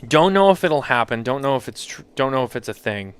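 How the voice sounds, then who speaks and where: A man co-hosting a casual talk show, telling animated, rambling anecdotes. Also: medium pitch, brisk, clean tone. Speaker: podcast co-host. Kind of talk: casual chat, storytelling.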